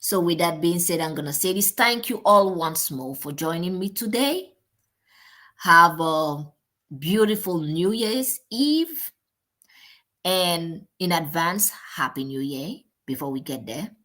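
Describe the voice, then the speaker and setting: A woman host giving slow, deliberate closing remarks to her viewers, addressing them as ladies in an encouraging tone. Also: fairly low pitch, lively intonation, a bit bright.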